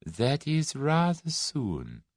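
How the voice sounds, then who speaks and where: A sly conspirator with a soft, sinister, amused voice, as a male narrator puts him on. He stays low but lively in his pitch, recorded dry and close. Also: normal speed, no echo. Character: Russian conspirator Boris, sly, cynical man.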